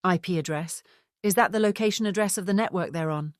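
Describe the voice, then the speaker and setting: A woman's voice: on the low side, a little fast, dry recording, clean studio sound, close to an everyday voice. A woman voicing a wary middle-aged male ex-detective who speaks tersely in an audiobook. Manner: terse, plain questions.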